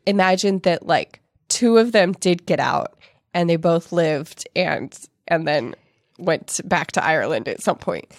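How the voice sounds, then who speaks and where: A woman co-hosting a podcast, talking fast and laughing often as she retells a book in casual chat. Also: on the low side, dry recording, clean studio sound. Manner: quick, laughing, animated retelling. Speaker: podcast co-host.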